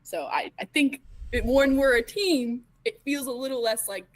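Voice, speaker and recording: A woman, a tabletop role-playing player, retelling events in character in a halting way, with plenty of stammers, fillers and restarts. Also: high voice, expressive, dry recording, rough recording.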